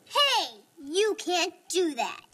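A woman's voice: very high-pitched, very animated, slow, pushed and bright, exaggerated voice. An actress playing a pushy little girl of about six who makes up the rules as she goes.

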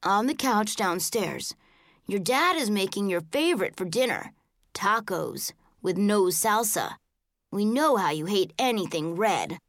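A woman's voice: mid-range voice, expressive, measured pace, no room sound, studio quality. A woman voicing a kind uncle who patiently coaxes a child through a closed door, in a storybook reading. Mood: gentle coaxing. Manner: patient, coaxing. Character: kind gentle uncle, adult man.

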